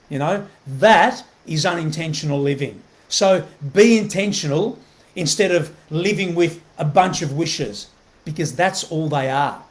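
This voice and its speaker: Guy doing a motivational live vid, kinda high voice, keeps going "right?" and repeating stuff. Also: unhurried. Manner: earnest, keeps asking "right?" to the viewer; repeats himself, many fillers and restarts. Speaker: motivational host. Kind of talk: motivational live video talk.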